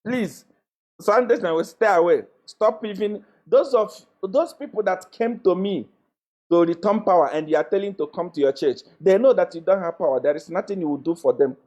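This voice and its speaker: A young man speaks in a slightly high voice in a confrontational live-stream monologue. He keeps repeating his phrases as he accuses and mocks. His scornful laugh breaks in often. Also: normal speed, darkish tone. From Zambia. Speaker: self-styled prophet.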